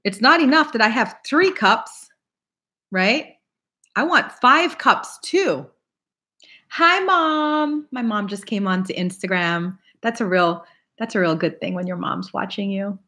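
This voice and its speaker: A woman's voice: mid-range voice, normal speed, pushed and bright. A woman hosting a live tarot reading, chatting casually and laughing often while she greets viewers by name.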